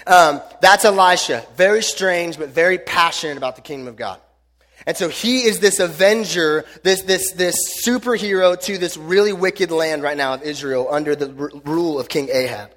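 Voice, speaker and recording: High-pitched guy doing a jokey youth sermon, lots of "like" and "okay", big hall reverb. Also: normal speed, fairly bright tone. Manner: joking, chatty, uses lots of slang fillers. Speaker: youth pastor.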